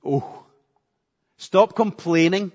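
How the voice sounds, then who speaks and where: An earnest male preacher delivers a sermon, driving points home by repeating phrases, his voice sitting a touch higher than most men's. It is captured in a church hall with a long, echoing reverb on a muffled, lo-fi recording. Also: very slow, darkish tone. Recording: echoey hall, dull lo-fi sound.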